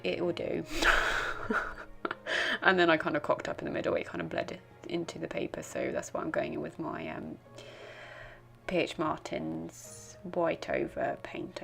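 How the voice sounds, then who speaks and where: Girl rambling over her craft video, real gravelly fry, bit of music behind. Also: lowish voice. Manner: rambling, self-deprecating, giggly. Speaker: art journaling vlogger. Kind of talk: casual voice-over narration.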